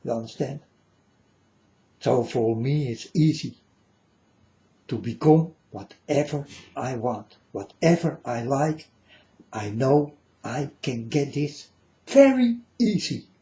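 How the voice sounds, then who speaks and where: A man's voice: medium pitch, lively intonation, slow pace, long pauses, warm tone. A man giving an earnest, repetitive, preachy monologue to his listeners, whom he calls folks. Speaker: vlogger. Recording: dull lo-fi recording.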